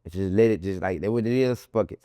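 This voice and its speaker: A man being interviewed as a guest, telling his story in animated, profane slang and acting out what others said in a raised voice. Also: sits low, fast, no echo. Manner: acts out quoted people in a raised voice.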